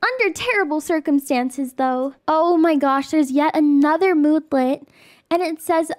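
A woman's voice: high-pitched, normal speed, dry recording, clean studio sound. A woman hosting a casual let's play, gushing and exclaiming as she comments and reads game text aloud. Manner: excitable, gushing, exclaims often.

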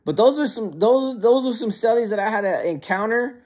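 A man who served time, casually telling prison stories in a slangy, animated way. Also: high voice, normal speed. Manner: slangy and conversational, often calls listeners bro; animated, acts out quoted lines. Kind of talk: casual storytelling to camera.

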